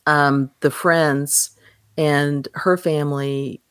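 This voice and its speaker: A woman with a low voice, recorded dry and close. She talks through a film in relaxed podcast chat, lively, and slips into the characters' voices when she quotes them. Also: extremely slow, smooth, no room sound. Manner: animated, acts out quoted lines. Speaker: podcast co-host. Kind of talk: casual film discussion.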